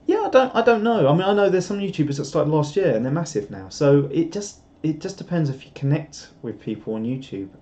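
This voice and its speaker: A man's voice: a little high, lively intonation, a little fast, few pauses, warm tone. A British man hosting a casual live stream and chatting through viewer comments in a rambling, self-deprecating way, chuckling often. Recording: dull lo-fi stream audio.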